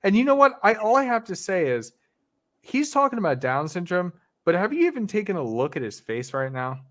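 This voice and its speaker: A man's voice: sits high, very animated, brisk. A man co-hosting a reaction show, talking in a laid-back, rambling way. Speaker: podcast co-host reacting to a video. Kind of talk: casual profane reaction chat.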